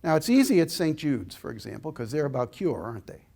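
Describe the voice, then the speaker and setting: A man's voice: on the high side, big pitch swings, fast, gravelly, dark tone, breathy edge. An older man giving an inspirational talk, telling a personal story in an earnest, reflective way. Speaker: inspirational speaker.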